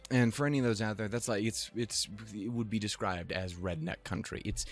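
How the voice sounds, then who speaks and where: A man from Montana chats loosely as host of his own reaction video, laughing easily and cursing without a second thought. His voice sits fairly low, and he keeps mocking his own slip-ups. A bit of music plays faintly behind him. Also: normal speed, hardly any pauses. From Montana, USA. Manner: giggly, profane, self-mocking. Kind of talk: casual reaction commentary.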